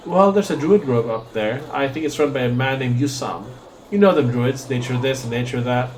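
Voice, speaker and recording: A man reading a distrustful, gruff male settler from a game, in a folksy grumbling drawl. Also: mid-range voice, normal speed, a little mellow, a little hiss or hum, close to an everyday voice. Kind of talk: reading game dialogue aloud.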